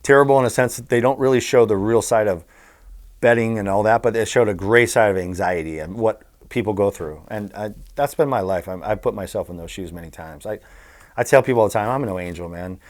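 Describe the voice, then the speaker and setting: A lowish, slightly fast male voice belongs to a middle-aged former bookmaker from Southern California. Sitting in as an interview guest, he tells casual, lively stories that are profane and to the point.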